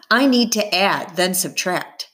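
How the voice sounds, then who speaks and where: Slow, bright woman reading an audiobook. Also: medium pitch. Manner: expressive, follows the story's tension. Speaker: audiobook narrator. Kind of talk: first-person audiobook narration.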